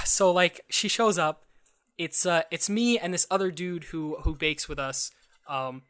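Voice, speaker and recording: Young man, somewhat high voice, bright and forceful tone, casual podcast storytelling, animated, quick asides. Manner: animated, acts out quoted dialogue; restarts and fillers, quick asides. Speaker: podcast co-host.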